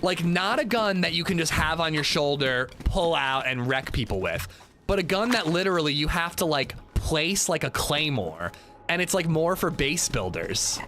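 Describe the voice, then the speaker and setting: A man's voice: on the high side, big pitch swings, moderate pace, bright, forceful tone. A man streaming a game, chatting casually and rambling, with lots of filler words. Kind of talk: casual livestream gaming commentary. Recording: noisy background hiss.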